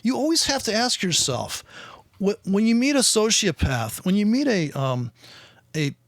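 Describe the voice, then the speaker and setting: A man's voice: sits high, big pitch swings, moderate pace, dry recording, studio quality. A man hosting a podcast, ranting in a profane, sarcastic way. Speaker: podcast host and trader. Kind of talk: casual podcast rant.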